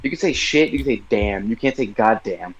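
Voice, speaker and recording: A man's voice: lowish voice, animated, a little fast, crowd noise, poor audio. A man from the United States co-hosting a podcast, brash and joking with plenty of profanity. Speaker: podcast co-host. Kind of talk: casual chat.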